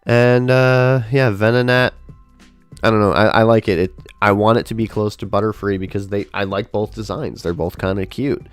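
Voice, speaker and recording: A man talks through his stream in a loose, chatty way, thinking out loud and laughing often. His voice sits on the lower side and the sound is dry and close. Faint music plays behind him. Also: fairly even intonation, moderate pace, clear, resonant tone, dry recording. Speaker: livestreamer ranking a tier list. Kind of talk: casual livestream commentary.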